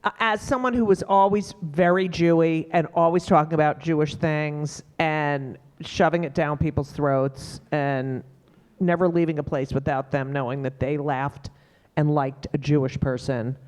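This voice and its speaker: A middle-aged woman comedian, telling stories emphatically in a panel conversation. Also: normal speed. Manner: animated, emphatic storyteller with sudden pitch jumps. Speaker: stand-up comedian.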